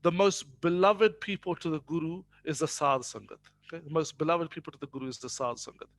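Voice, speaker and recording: Hesitant male teacher, fairly high voice. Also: brisk, a bit bright. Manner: hesitant, many fillers and restarts, switches between English and Punjabi. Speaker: religious class teacher. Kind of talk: teaching a class on Sikh faith.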